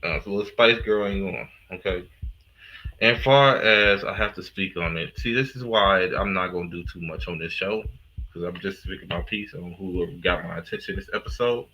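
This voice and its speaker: A man's voice: low-pitched, moderate pace, pushed and bright, lo-fi sound. A man hosting a live reaction stream, talking in a casual, slangy, profane and emphatic way.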